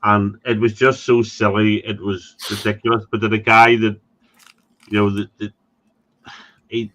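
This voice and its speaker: A man's voice: fairly low pitch, level tone, measured pace, a bit bright, poor audio. Guy on a stream, rambling, crude jokes, easygoing. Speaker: livestream guest. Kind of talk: casual chat.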